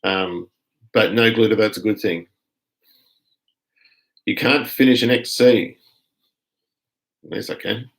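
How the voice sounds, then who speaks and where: A low, gravelly-voiced Australian man talks through a laid-back live stream, greeting viewers and rambling easily from one comment to the next. His tone is casual and unhurried, like he is chatting across a workbench. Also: low-quality recording.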